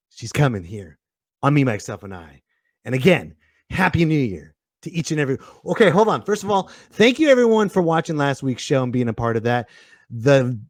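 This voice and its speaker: A man hosting his comedy podcast, excitable and ranting, with sudden bursts of shouting. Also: medium pitch, no echo, studio quality. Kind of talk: casual comedic monologue.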